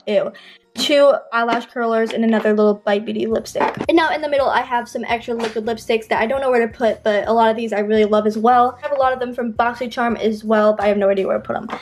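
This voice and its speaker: A woman's voice: fairly high pitch, slight background noise. A teenage girl giving a casual, rambling tour of her makeup collection, her throat tired and strained from talking. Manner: chatty, rambling, with many ums and self-corrections. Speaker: beauty vlogger.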